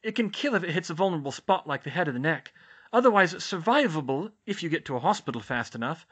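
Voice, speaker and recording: High fussy matron played by a man, brisk audiobook nurse. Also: very animated, fairly bright tone, slightly rough, exaggerated voice. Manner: fussy, quick, exclaiming. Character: brisk motherly school nurse, middle-aged woman. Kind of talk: audiobook character voice.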